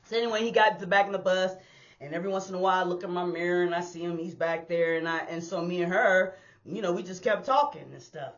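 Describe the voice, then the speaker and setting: A woman who used to drive buses tells a personal street story in a casual, animated way, talking straight to her listeners and acting out the sounds. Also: fairly low pitch, fast talker, lo-fi sound. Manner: animated, addresses listeners as y'all, acts out sounds. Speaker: storyteller and former bus driver. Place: indoors on a hot day.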